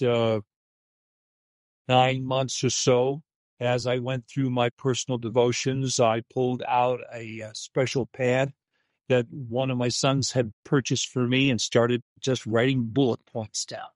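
Older male pastor-author, remote interview, unhurried and halting delivery, dead-dry audio. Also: mid-range voice, fairly even intonation, no echo. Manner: slow, halting, with many fillers and restarts. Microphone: video or phone call.

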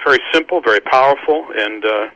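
The recording is muffled but without echo as a man of medium pitch hosts a relaxed discussion of Christian books. A Christian book publisher and podcast host, he stumbles through many restarts and repeated words while laughing warmly.

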